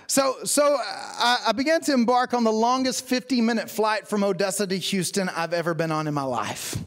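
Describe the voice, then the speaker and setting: Speaking at a normal speed in a high voice, a male pastor delivers a sermon. His stories carry humor, and he acts out the people in them with quoted lines.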